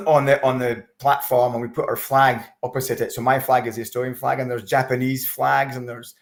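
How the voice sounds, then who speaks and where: A man talking as an interview guest, chatty and lively when he recounts how people reacted, with frequent restarts. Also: mid-range voice, brisk, gravelly. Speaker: interview guest, expat campaigner. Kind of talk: casual interview chat. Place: lives in Australia.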